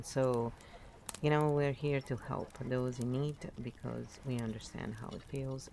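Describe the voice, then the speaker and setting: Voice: medium pitch, creaky, noisy background. A live streamer sounding tired, chatting casually and rambling with many fillers.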